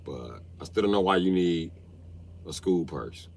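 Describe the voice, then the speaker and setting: Man, late 30s, low voice, very lively pitch, profane comic storytelling, laughs while talking. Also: measured pace, slight background noise. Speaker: livestreamer telling stories. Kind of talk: comedic storytelling rant.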